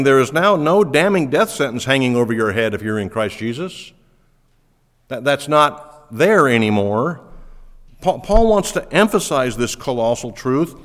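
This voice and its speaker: A man's voice: on the low side, long reverb tail. A man preaching a sermon as pastor, emphatic and earnest, repeating words as he drives home each point.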